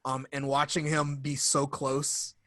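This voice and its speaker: A man's voice: medium pitch, completely flat delivery, measured pace, pushed and bright, no echo. A young man co-hosting a podcast, chatting casually and enthusiastically, rambling and acting out quotes. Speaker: podcast co-host. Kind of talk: casual fan chat.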